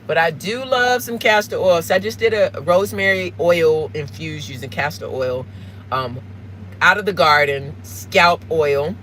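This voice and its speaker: A woman's voice: on the low side, measured pace, a bit bright, poor audio. A woman from the States, chatting casually and rambling to her viewers while driving, asking them questions now and then. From Southern United States. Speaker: live-streaming vlogger. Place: inside a car in traffic. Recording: clear car road noise behind.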